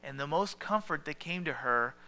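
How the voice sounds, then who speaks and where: Man, pastor, sermon, fairly high bright voice, conversational, asks questions, hushed at times. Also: expressive, normal speed, vocal fry, faint music behind.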